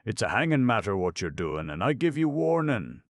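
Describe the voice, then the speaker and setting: A man's voice: on the low side, sing-song, moderate pace, no room sound, studio quality, pitched above the performer's own voice. A man putting on a solemn preachy old gamekeeper. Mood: solemn warning. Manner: solemn, pronouncing warnings like scripture.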